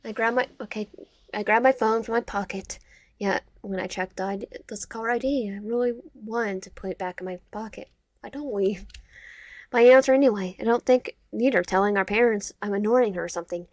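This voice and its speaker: A woman reading a dating game aloud, voicing the narration with expressive, sarcastic asides. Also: medium pitch, fairly quick, no echo. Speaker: gamer.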